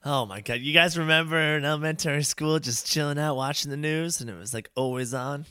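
Young male co-host, dry close mic, excitable banter, somewhat high pitch. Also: brisk, clean tone, dry recording. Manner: excitable, joking, rambling. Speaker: podcast co-host. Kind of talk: casual comedic podcast chat.

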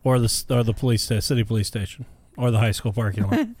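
A man's voice: medium pitch, steady tone, fast talker, a little mellow, no room sound. Man making dry, short remarks. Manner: dry, brief interjections. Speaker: podcast co-host. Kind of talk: casual chat.

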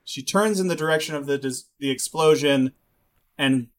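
A man's voice: on the high side, moderate pace. A man co-hosting a podcast, recapping an anime episode in casual chat, reading bits from his notes with wry, profane asides. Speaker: podcast co-host.

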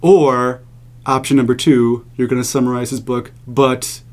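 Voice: mid-range voice, level tone, unhurried, darkish tone. A podcast co-host in easygoing casual chat who laughs often and explains the segment rules.

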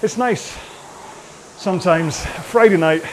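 A man's voice: high-pitched, slow pace, a little hiss or hum. A man coaching an indoor rowing workout while rowing, chatty and rambling, often mocking himself.

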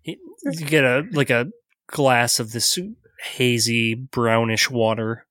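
A man's voice: mid-range voice, expressive, slow pace, fairly bright tone, no echo. Laid-back man running a tabletop game. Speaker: game master.

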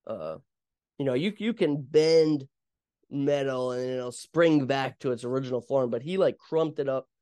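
A man's voice: medium pitch, unhurried, mellow, no room sound. A young man hosting a podcast, retelling an event in a casual, rambling way with many fillers and restarts. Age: young adult. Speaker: podcast host. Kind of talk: casual storytelling monologue.

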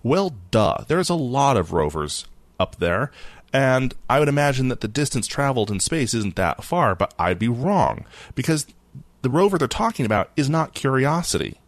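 A man co-hosting a casual tech news podcast, jokey and animated, often laughing. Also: mid-range voice, normal speed, no echo. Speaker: podcast co-host.

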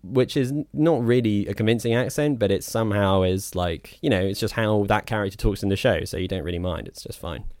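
A man's voice: lowish voice, brisk, few pauses, darkish tone, no room sound, clean studio sound. A man co-hosting a casual film chat, thoughtful and hesitant. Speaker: podcast co-host.

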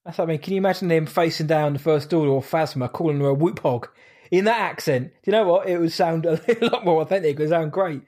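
A man's voice: a little high, fast talker, darkish tone. A man hosting a casual podcast chat, talking in an informal, chatty way. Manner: chatty, informal, says "mate". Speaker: podcast host.

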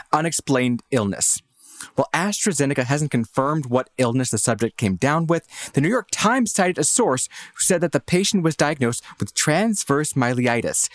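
A man's voice: medium pitch, no room sound, studio quality. A man co-hosting a news podcast, mixing wry casual banter with scripted news reading. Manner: lively, wry, expressive delivery.

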